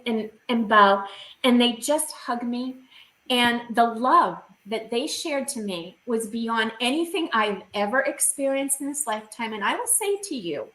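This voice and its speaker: A woman's voice: fairly high pitch, pushed and bright, echoey room, poor audio. A woman guest on a video call, recounting a personal experience in vivid, emotional detail.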